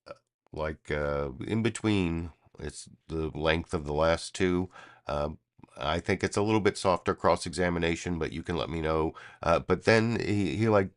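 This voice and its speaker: A man's voice: deep voice, clean tone. A man hosting a commentary video, talking casually and rambling with many fillers. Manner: rambling, full of fillers and self-corrections.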